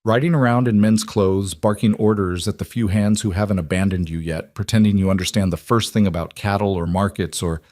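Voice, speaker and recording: A man's voice: fairly low pitch, fairly even intonation, fairly quick, few pauses, darkish tone, no room sound, clean studio sound, close to an everyday voice. A man playing a sneering society matron. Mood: scornful. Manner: sneering false sympathy. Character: haughty older society woman, scornful.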